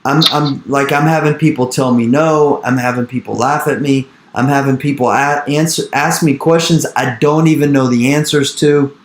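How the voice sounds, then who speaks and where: A man in his thirties telling an animated story in an interview, repeating his phrases and acting out the dialogue he quotes. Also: medium pitch, moderate pace, hardly any pauses, echoey room. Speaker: real estate investor speaking to an investor group. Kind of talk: energetic storytelling talk.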